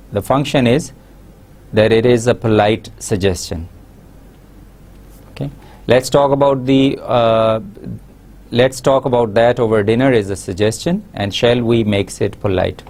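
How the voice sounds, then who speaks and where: A man giving a recorded university lesson, explaining slowly with many pauses and fillers. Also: on the low side, darkish tone. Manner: slow, explanatory, frequent uh fillers. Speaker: English lecturer.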